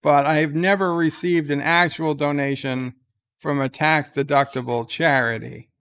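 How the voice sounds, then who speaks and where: A man hosting a casual live stream, speaking earnestly and haltingly with plenty of fillers. His voice sits a little high and sounds smooth and clear. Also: fairly even intonation, a bit bright.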